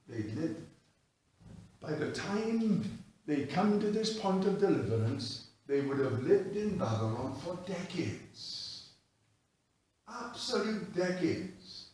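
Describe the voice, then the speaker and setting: A man preaching a sermon, swinging from loud, emphatic peaks down to low, quiet passages. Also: very animated, takes it slowly, slight background noise. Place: chapel. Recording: echoey chapel from far off.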